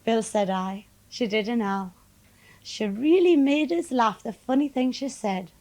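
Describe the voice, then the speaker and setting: A woman from Tyneside speaks in a broad Geordie accent, with a fairly high voice. She recites a comic dialect poem with a lively delivery and chats easily as a guest. It is an old 1980 television studio recording. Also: unhurried, rough recording. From Tyneside, North East England. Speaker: guest entertainer.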